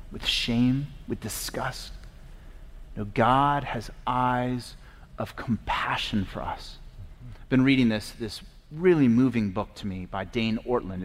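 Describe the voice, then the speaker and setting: A man teaching about faith in an earnest, emphatic way, slowing down to land his key lines. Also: medium pitch. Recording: long reverb.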